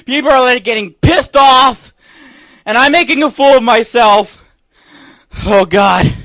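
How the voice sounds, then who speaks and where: Panicky male radio host, very high voice, ranting and yelling, dry close sound. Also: measured pace, pauses often, no room sound. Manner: panicky, ranting, swearing, shouting. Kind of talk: comedic radio rant.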